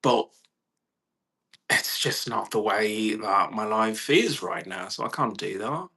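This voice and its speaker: Guy venting at home, bright tone, swears a lot, rambles. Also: lowish voice, takes it slowly, husky. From California. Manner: profane, rambling, animated quoted voices. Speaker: vlogger. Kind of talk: casual ranting vlog. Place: indoors at home with a puppy.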